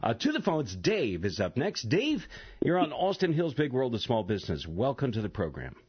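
Brief: husky male talk radio host, animated pitch, chatty with lots of ums, dull lo-fi broadcast sound. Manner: chatty, halting with many fillers. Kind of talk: live call-in radio talk.

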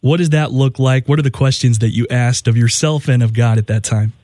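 Mellow-voiced male radio host, dry studio. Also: mid-range voice, steady tone, brisk, dry recording. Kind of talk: radio interview.

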